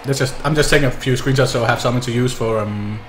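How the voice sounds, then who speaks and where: A man talks his way through a sim race on stream, dry and sarcastic, cursing and poking fun at himself. His voice sits in an ordinary middle pitch. The mic picks up a roomy echo and a faint background hum. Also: racing. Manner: sarcastic, swearing, self-mocking. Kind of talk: casual gameplay commentary.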